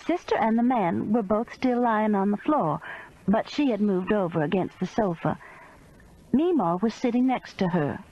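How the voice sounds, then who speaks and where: A woman reading a cozy mystery audiobook in expressive first-person narration. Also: mid-range voice, moderate pace, highs cut off. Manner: expressive storytelling.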